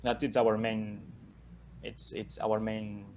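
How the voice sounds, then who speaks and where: Flat-voiced man answering questions haltingly. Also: lowish voice, a little hiss or hum. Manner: halting, repeats words while searching. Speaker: startup founder answering judges. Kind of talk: Q&A after a pitch.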